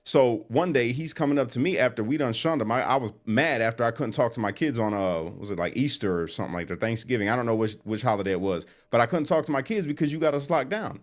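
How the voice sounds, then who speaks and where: Fast-talking man telling a story. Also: mid-range voice. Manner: animated, quick storyteller who acts out quotes. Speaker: interview guest. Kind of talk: casual storytelling.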